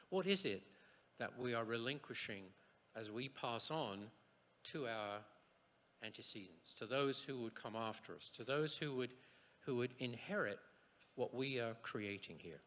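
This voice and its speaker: Male scientist lecturing, rhetorical questions, animated delivery, bright voice, roomy hall echo. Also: mid-range voice, normal speed. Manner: lively and rhetorical, with asides and short jokes. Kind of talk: university lecture.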